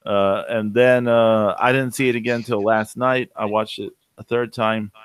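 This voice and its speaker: A man's voice: fairly low pitch, fairly even intonation, measured pace, clear, resonant tone, dry recording. A man co-hosting a casual podcast chat, hesitant and thinking aloud with many fillers. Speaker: podcast co-host.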